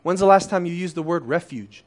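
A man's voice: sits high, a little fast. A man in his thirties, originally from Korea, preaching a conversational sermon full of rhetorical questions. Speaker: pastor.

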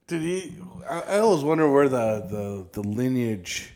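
A man's voice: medium pitch, big pitch swings, a little mellow. A man co-hosting a casual podcast chat, laid-back and swearing often. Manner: slow, laid-back, swears and says "dude" a lot. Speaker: podcast co-host.

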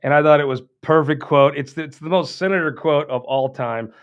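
A man's voice: fairly high pitch, a little fast, dull audio. A man hosting a political show, giving a casual, rambling and folksy announcement with many restarts.

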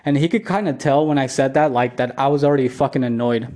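Warm and medium-pitched, this vlogger talks quickly through a rambling story recorded at home. He swears, circles back over the same points, and scatters "like" throughout his casual solo telling.

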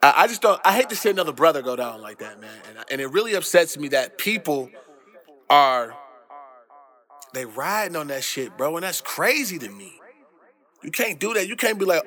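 A man's voice: fairly high pitch, very animated, normal speed, pushed and bright. A young adult man hosting a casual commentary monologue, ranting loosely with heavy slang and profanity. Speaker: host.

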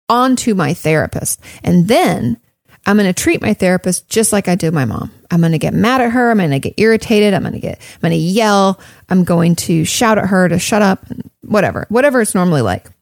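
A woman's voice: medium pitch, no echo, studio quality. A woman therapist answering listener questions in a casual, conversational way, often saying "like" and "um" and repeating her points for emphasis. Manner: conversational, frequent "like" and "um", emphatic repetition. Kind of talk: casual advice talk.

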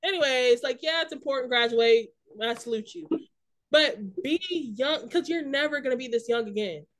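A young woman with a high, bright voice, co-hosting a casual podcast. She talks emphatically and animatedly, leaning hard on her points. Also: moderate pace. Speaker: podcast co-host. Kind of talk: casual chat.

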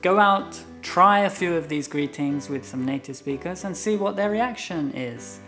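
A man's voice: a little high, moderate pace, a bit bright, faint music behind. A man teaching English in a casual lesson, explaining phrases through playful example scenes. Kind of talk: casual bilingual lesson chat.

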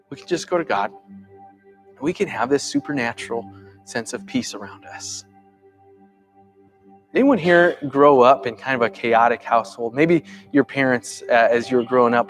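Male pastor, sermon, higher-pitched voice, chatty delivery, loud-then-hushed swings, faint music behind. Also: normal speed. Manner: conversational preaching, swinging from lively emphasis to hushed, soft asides.

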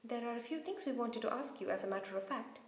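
A woman's voice: a little high, quick pace, close to an everyday voice. Polite, earnest schoolboy read by a woman, echoey room. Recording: roomy echo.

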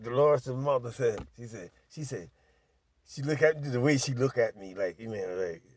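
An older man telling a profane story in casual chat, animated and laughing as he goes. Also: medium pitch, moderate pace, slightly rough.

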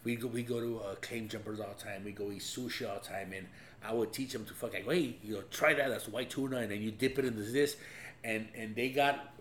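A man's voice: lowish voice, steady tone, fairly quick, fairly bright tone. A man telling profane stories in a casual chat, laughing often. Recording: echoey room with faint hum.

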